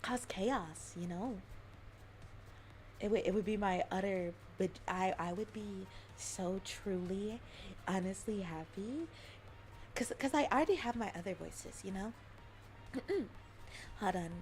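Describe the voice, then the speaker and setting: A woman streamer in casual chat, soft-spoken and giggly, rambling as she talks. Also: medium pitch, unhurried, long pauses, slight background noise.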